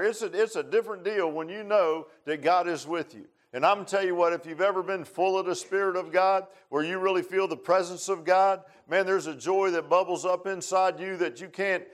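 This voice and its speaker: Casting note: middle-aged male preacher, somewhat high voice, folksy and rambling, informal sermon. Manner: folksy, rambling, repeats phrases and says "man" often.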